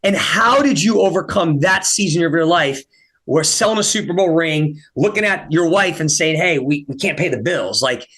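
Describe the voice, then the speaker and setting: Male interview host, somewhat high voice, encouraging and attentive. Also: lively intonation, moderate pace, fairly bright tone, husky. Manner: encouraging, short affirmations. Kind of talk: interview questions.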